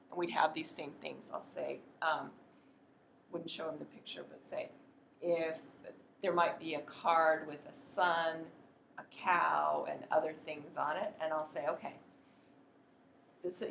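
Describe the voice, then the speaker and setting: A woman training teachers in a workshop, explaining in a practical, chatty way and slowly sounding out words to demonstrate. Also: low voice, gravelly, a bit bright, reverberant, slight background noise. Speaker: literacy educator training teachers.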